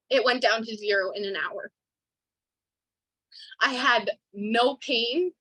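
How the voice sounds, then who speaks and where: Twenties woman, earnest emotional testimonial, high and bright, dry. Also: no echo, rough recording. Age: 20s. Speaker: customer giving a testimonial. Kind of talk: casual online call testimonial.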